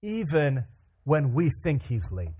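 Husky-voiced male preacher acting out scripture. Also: a little high, slow. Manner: animated, acts out scripture voices, casual asides. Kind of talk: sermon.

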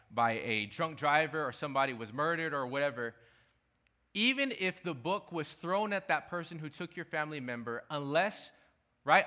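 A male pastor delivers a sermon with emphasis, circling back to repeat his main lines. His voice is bright and forceful, sitting a little high for a man. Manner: emphatic, repeats key phrases.

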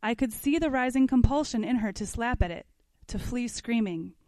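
A woman's voice: on the high side, expressive, moderate pace, darkish tone, no echo. A woman teaching a parenting class, reading passages aloud from a book and adding casual comments with questions to her listeners. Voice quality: conversational, asks the class questions.

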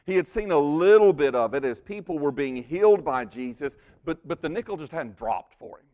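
A man giving a sermon and speaking straight to the congregation, swinging between hushed, near-whispered lines and loud, emphatic bursts. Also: a little high, expressive, brisk. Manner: direct address to the congregation. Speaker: pastor.

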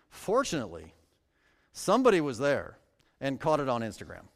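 A man preaching a sermon with a smooth, resonant voice set slightly high. He reads scripture in a formal cadence and then breaks off into wry, joking asides to his listeners. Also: a bit bright, in a large hall. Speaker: pastor.

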